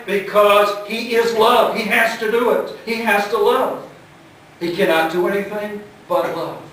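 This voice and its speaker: A man pastor delivering an emphatic sermon, his voice somewhat high for a man. He repeats his key phrases and lets lines sink to a hush. He is recorded from across a church sanctuary, with strong echo and some distance from the mic.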